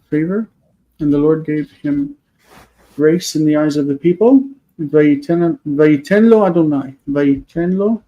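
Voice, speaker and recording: A man with a slightly high, mellow voice teaches a grammar class over a video call. He explains patiently and slows right down to spell out each word. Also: dull audio. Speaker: Hebrew teacher. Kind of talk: online class lesson.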